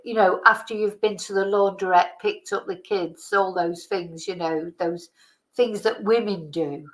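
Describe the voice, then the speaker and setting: A woman's voice: mid-range voice, steady tone, measured pace, low-quality recording. A woman hosting a casual chat, rambling and exclaiming as she reacts to old videos. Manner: chatty, rambling, exclaiming in disgust. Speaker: channel host.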